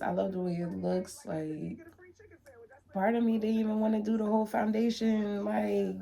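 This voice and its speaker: A woman's voice: mid-range voice, a little slow, creaky, dark tone. A young woman talking to the camera from her room in a heartfelt, chatty vlog, repeating herself as she speaks. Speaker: vlogger. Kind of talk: emotional casual vlog to camera.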